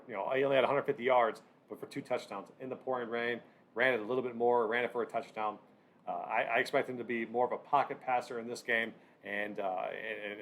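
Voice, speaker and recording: A man hosting a casual sports picks breakdown, talking in halting bursts with lots of fillers and restarts. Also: mid-range voice, slight background noise. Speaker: sports betting channel host.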